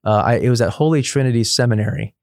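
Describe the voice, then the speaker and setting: A man's voice: mid-range voice, fast talker, dry recording, clean studio sound. A middle-aged man, a priest, telling stories in a casual interview, chatty, laughing often and restarting his sentences. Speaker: priest guest.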